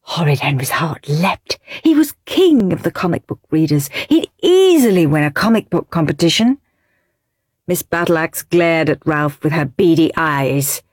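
Lively woman reading a children's story. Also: low voice, unhurried, no echo, studio quality. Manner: expressive, lively narration.

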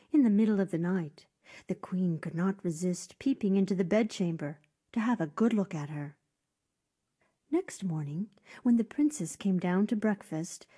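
A woman reads a classic fairy tale aloud for children. Her voice is mellow and breathy, and she often sinks into a soft whisper. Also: mid-range voice. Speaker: storyteller.

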